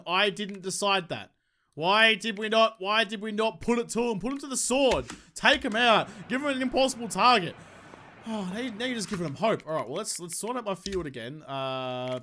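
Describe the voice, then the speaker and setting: Excitable gamer, high voice, noisy. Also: male voice. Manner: excitable, swears freely, talks to his player. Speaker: gaming YouTuber. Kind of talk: gameplay commentary.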